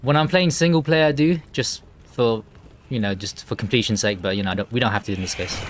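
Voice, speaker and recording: A man's voice: mid-range voice, quick pace. A man chatting casually and joking while streaming a co-op game. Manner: joking, chatty, laughs easily. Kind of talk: casual gameplay chat.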